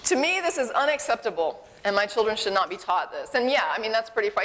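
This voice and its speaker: A woman's voice: a little high, very animated, quick pace, few pauses, fairly bright tone. A woman giving a live conference talk in a conversational, frank manner, reading letters and commenting on them. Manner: conversational, frank, exclamatory asides. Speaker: conference speaker. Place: conference hall with an audience. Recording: long reverb of a large hall.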